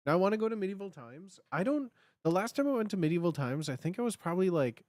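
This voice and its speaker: This fast-talking livestream host, thirties, from the Chicago area, chats casually at home in a lively, animated voice. They ramble with many fillers and restarts and burst up high when acting out cheering. The recording is studio quality with no echo.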